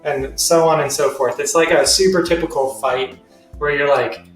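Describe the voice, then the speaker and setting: A man's voice: a little high, fairly even intonation, moderate pace, distant mic, faint music behind. Laid-back young male teacher, roomy. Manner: laid-back, slangy, chatty. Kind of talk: casual recorded history lesson. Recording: roomy sound from away from the mic.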